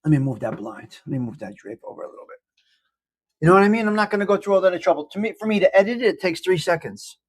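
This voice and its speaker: A man's voice: high-pitched, lively intonation, fast. Rambling New man chatting live. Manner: rambling, self-deprecating, greets chat by name. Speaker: host of a live coffee talk stream. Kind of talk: casual live-stream chat with viewers. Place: indoors at home.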